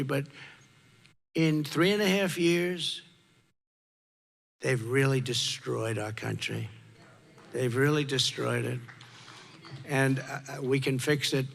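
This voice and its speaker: Older man with a gravelly voice at a rally. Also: on the high side, fairly bright tone. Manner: off-the-cuff, repetitive, emphatic. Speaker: political candidate. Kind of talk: campaign rally speech. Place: large rally venue before a crowd. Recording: reverberant rally PA, faint crowd.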